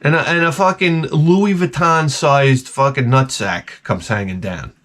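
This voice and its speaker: A man's voice: mid-range voice, unhurried, a bit bright. A middle-aged man ranting sarcastically through a casual story, mimicking the people in it. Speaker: vlogger.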